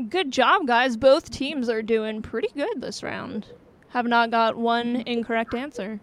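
A woman's voice: fairly high pitch, a little slow. A woman hosting a trivia quiz, reading out questions and answer choices with playful banter and frequent laughter. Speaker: trivia game host.

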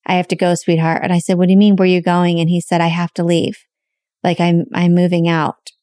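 A woman's voice: fairly low pitch, flat delivery, fairly quick, dark tone, no echo. Candid woman host, dry close sound. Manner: open, emotional, swears casually. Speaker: podcast co-host. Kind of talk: candid personal storytelling.

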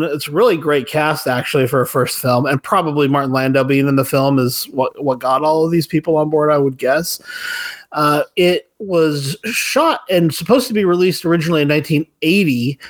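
Man, podcast host, from the western US, casual film chat, enthusiastic, chuckling. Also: fairly high pitch. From western United States.

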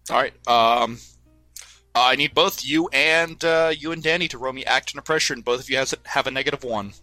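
A man narrates a tabletop game as its game master, wandering through his descriptions and correcting himself as he goes. His voice is bright and forward, recorded dry and close over a desk mic. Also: mid-range voice, a little fast, no echo, soft background music. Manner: rambling, self-correcting, filler-heavy. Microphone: headphones and desk mic.

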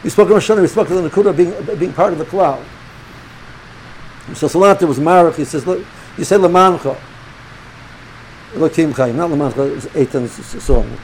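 Middle-aged male rabbi, high-pitched, chatty lecturing style with stammered restarts. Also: fairly quick, long pauses, a little hiss or hum, low-quality recording. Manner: animated, repeats and restarts words, sprinkles Hebrew and Yiddish terms. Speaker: rabbi teaching students. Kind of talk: informal religious lecture.

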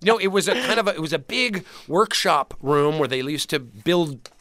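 A man telling vivid, rambling stories as a guest in a casual interview. His voice is bright and forceful, and the studio microphone sounds dry and close. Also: a little high, expressive, moderate pace, no room sound.

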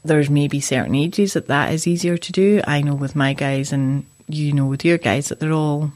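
A woman's voice: low voice, steady tone, normal speed, darkish tone. A woman sleep consultant in a casual podcast chat, giving matter-of-fact, reassuring advice.

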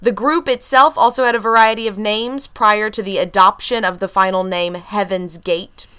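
Woman podcast host, smooth clear voice, casual storytelling from notes, home computer mic. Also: medium pitch, fairly even intonation, normal speed, sharp tone. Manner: reads researched notes, breaks into laughs.

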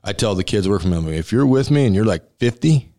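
A man's voice: fairly low pitch, lively intonation, fast, dark tone. A man who owns a restaurant and once played football as a center, telling stories in a casual interview in a blunt, emphatic way and acting out the dialogue. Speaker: restaurant owner and former college football center.

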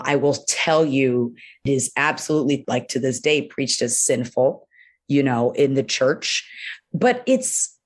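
A woman urologist speaking as a guest in an interview, talking frankly and animatedly, full of "you know" and acted-out quotes. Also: rumbling low. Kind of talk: candid conversational interview.

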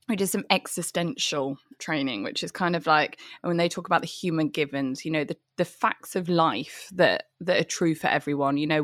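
A woman's voice: on the low side, a bit bright, no room sound. Reflective woman psychotherapist, dry close sound. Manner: thoughtful, reflective, laughs easily. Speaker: podcast guest, psychotherapist. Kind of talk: casual podcast conversation.

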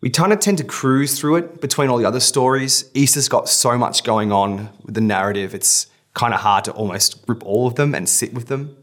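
A pastor reading scripture dramatically in a sermon, then talking to the congregation in a conversational way. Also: male voice, mid-range voice, normal speed, few pauses, fairly bright tone.

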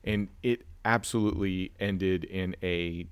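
Guy with a lowish voice chatting about movies, dry close sound, acts out what people said. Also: a little slow, clear, resonant tone, no echo. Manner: animated storyteller acting out family dialogue. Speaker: podcast co-host. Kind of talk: casual film review chat.

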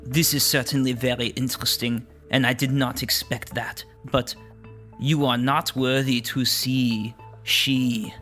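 A man voicing an ancient male tree-spirit guide who speaks slowly and solemnly, as if handing down verdicts. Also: medium pitch, flat delivery, fairly bright tone, faint music behind, natural voice. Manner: slow, measured, pronouncing verdicts.

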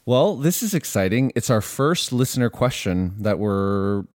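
A man from Canada with a Canadian accent, hosting a podcast in relaxed, upbeat chat. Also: on the low side, a little slow, dry recording, clean studio sound. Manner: relaxed and upbeat, laughs along. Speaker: podcast host. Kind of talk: casual chat.

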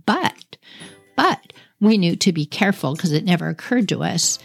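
A woman telling a childhood story in a chatty, animated, casual way. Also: lowish voice, moderate pace, creaky, dry recording, faint music behind.

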